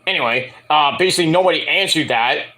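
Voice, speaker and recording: A man casually ranting through a wrestling show review, animated and profane. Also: a little high, fast. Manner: animated, profane, jumps into mocking impressions.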